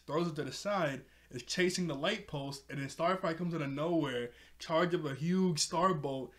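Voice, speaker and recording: An excitable young man rambles through a casual episode recap, piling up fillers and correcting himself as he goes. He laughs easily, and his voice sits at an everyday middle pitch. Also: moderate pace. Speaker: video reviewer.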